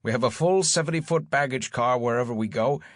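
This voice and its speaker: A man's voice: medium pitch, brisk, no echo, studio quality, close to an everyday voice. A man voicing a worried middle-aged stage manager, speaking in an anxious, hesitant way in an audiobook. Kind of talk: audiobook character voice.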